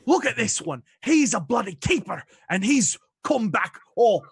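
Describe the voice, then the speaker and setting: A man's voice: high-pitched, sing-song, a little slow, creaky, husky, no echo, clean studio sound, heavily acted. Man putting on a furious dwarf wife with a Scottish lilt. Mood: scornful. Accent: put-on Scottish. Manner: bitter, snapping, scolding. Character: furious grieving dwarf wife, older woman.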